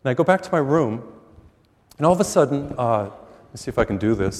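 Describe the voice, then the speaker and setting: A man who is a priest, giving a sermon and telling stories, acting out the dialogue with lively energy. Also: medium pitch, a little fast, long pauses. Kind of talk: sermon with storytelling. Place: church, taped for TV. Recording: long reverb of a church hall.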